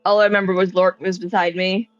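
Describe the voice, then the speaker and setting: A woman's voice: fairly low pitch, level tone, fast, dry recording, muffled recording, pitched below the performer's own voice, lightly acted. A woman voicing a nervous, rambling young man in a tabletop game, talking hesitantly with lots of fillers. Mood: wistful. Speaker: player. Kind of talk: tabletop role-play in character.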